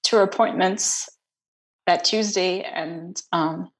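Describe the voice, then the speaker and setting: A young adult woman speaking softly and haltingly as a guest in an interview, with many fillers and restarts. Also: fairly low pitch, fairly even intonation. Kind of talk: personal interview.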